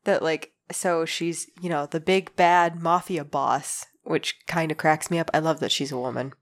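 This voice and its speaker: Lower-voiced laughing woman co-host. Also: fairly even intonation, moderate pace. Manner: laughing, easygoing, quotes characters. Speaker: podcast co-host. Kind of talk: casual book chat.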